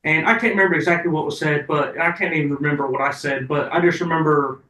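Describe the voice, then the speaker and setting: A man's voice: on the high side, fairly even intonation, fast talker, pushed and bright, roomy sound, far from the mic, slight background noise, poor audio. A man telling casual, profane stories as an interview guest.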